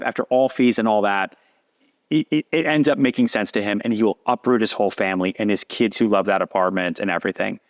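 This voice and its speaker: A man, a podcast guest telling a long story in a lively casual way and acting out what others said. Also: on the low side. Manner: animated, acts out quoted voices.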